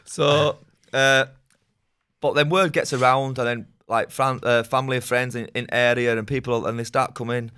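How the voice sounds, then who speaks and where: A man's voice: mid-range voice, steady tone, sharp tone, clear, resonant tone. A man, telling rambling, sweary stories as a podcast guest. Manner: fast, rambling, swears often, laughs. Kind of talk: casual storytelling chat.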